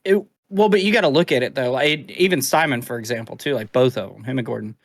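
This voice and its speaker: A young adult man co-hosting a podcast, talking in a rambling, animated way with casual swearing. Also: medium pitch, fast, no echo. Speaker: podcast co-host. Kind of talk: casual chat.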